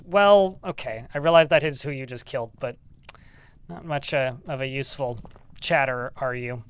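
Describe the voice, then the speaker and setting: A man's voice: medium pitch, normal speed, clear, resonant tone, no echo. Dry-witted man streaming a game. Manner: dry, sarcastic asides, reads game text aloud. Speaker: streamer playing a video game. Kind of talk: live game commentary.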